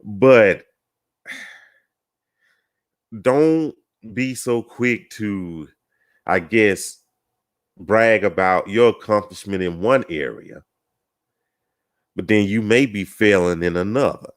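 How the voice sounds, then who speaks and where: A low-voiced man hosts a Christian panel talk in a relaxed, folksy way. He speaks slowly, with plenty of "you know" fillers and a chuckle now and then. His tone stays casual and conversational. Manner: rambling with fillers, gets tongue-tied. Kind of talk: casual panel discussion opener.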